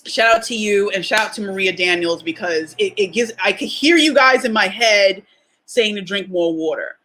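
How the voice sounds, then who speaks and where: A woman's voice: medium pitch, fairly bright tone. Woman, young adult, podcast host, casual motivational talk, emphatic, rhetorical questions.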